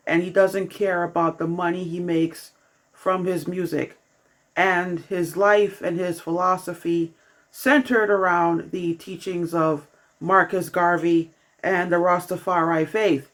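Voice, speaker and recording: A young adult film reviewer reading a scripted review in a measured, steady way, with the odd filler. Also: medium pitch.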